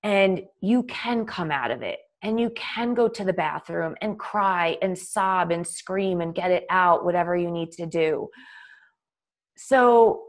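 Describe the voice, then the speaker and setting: A woman's voice: on the low side, measured pace. Chatty woman yoga teacher. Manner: conversational, filler-heavy, acts out dialogue. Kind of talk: casual spoken talk.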